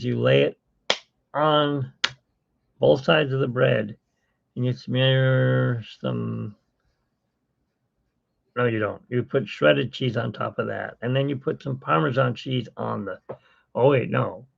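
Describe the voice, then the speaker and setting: A man's voice: medium pitch, steady tone, slow, creaky, pauses often. A man hosting a casual live-stream chat, rambling and self-mocking with corny jokes. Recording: dull lo-fi stream audio.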